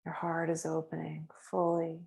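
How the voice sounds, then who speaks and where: A middle-aged woman guiding a meditation in a soft, slow, hushed voice, some words whispered. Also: sits low, completely flat delivery, gravelly, husky. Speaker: meditation guide and author. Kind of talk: guided meditation, then casual chat.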